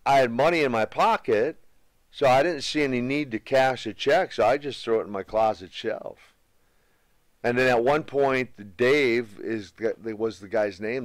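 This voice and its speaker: Even-voiced man telling stories in a dry studio. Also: medium pitch, dry recording. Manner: measured, anecdotal. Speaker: guest. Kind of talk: interview storytelling.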